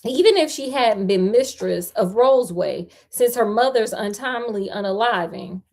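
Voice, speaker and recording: A woman's voice: medium pitch, animated, moderate pace, darkish tone. A woman reading a ghost story aloud, chatty, breaking off for playful slangy asides.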